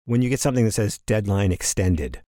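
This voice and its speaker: A man's voice: lowish voice, expressive, a little fast, warm tone, no room sound, clean studio sound. A man co-hosting a casual podcast chat, making wry, playful quips. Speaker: podcast co-host.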